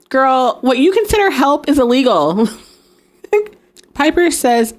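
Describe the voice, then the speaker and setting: A woman's voice: sits high, animated, unhurried, pauses often. A young adult woman hosting a podcast, casually recapping a TV episode, laughing often and acting out characters' lines. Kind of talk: casual recap with acted-out quotes.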